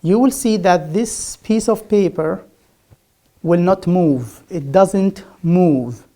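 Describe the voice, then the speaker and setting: Arabic-speaking woman teaching english sounds online, lowish voice, drags each sound out. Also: dark tone. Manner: slow, drills sounds aloud and repeats them. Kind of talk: online pronunciation lecture. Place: remote class, speaking to a camera.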